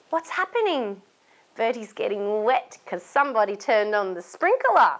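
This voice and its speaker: A woman with an Australian accent, a children's entertainer reading a picture book aloud, animated and asking young listeners to join in. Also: on the high side, moderate pace. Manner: animated, asks young listeners questions and invites them to join in.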